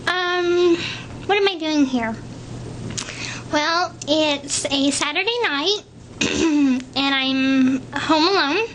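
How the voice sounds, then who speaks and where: A woman talks into her own video message from home. Her voice sits high and her pace is slow and gentle. She sounds affectionate and a little nervous, with faint background noise. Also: rough recording. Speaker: person recording video messages to a partner. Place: home, indoors.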